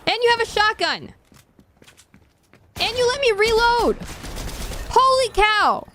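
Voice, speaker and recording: A woman's voice: very high voice, very animated, slow pace, background noise. A woman streamer chatting casually while she plays a game, thinking aloud and mocking herself. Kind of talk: casual gaming stream chat.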